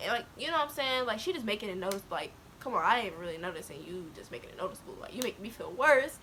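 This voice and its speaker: A woman's voice: mid-range voice, lively intonation, very fast, hardly any pauses, fairly bright tone, a little hiss or hum. A teenage girl talking candidly to the camera, telling a personal story in casual slang and laughing as she goes. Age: teens. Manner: candid, laughs to cope, quotes others, African American slang. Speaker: vlogger.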